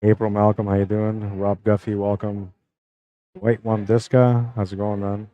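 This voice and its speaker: A man's voice: fairly low pitch, level tone, normal speed, dry recording, narrow, tinny audio. A young man casually commenting on a pool match on his live stream, chatting with viewers and greeting them by name. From Canada.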